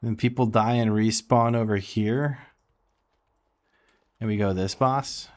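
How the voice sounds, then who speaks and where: Chatty low-voiced man streaming games. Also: steady tone, slow pace. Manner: chatty, reads out and answers chat, laughs often. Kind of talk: casual gaming stream chat.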